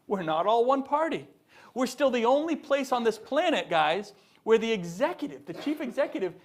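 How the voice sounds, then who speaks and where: Middle-aged man, former politician addressing a student audience, emphatic and animated, higher-pitched voice, lots of restarts. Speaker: former governor giving a talk. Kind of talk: public speech to students. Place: university event hall.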